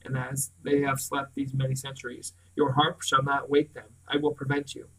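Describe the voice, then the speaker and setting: A man's voice: mid-range voice, completely flat delivery, normal speed, a bit bright, distant mic, rough recording. A man reading as a cold, remote lord of darkness. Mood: cold threat. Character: vast misty male dark lord, cold and menacing.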